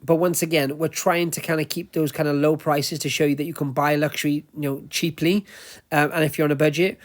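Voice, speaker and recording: A man with a Welsh accent and a fairly high, quick voice that barely moves in pitch chats into a wearable action camera while browsing a charity shop. He's a luxury resale vlogger, and his casual shopping talk is chatty and rambling, with long explanations.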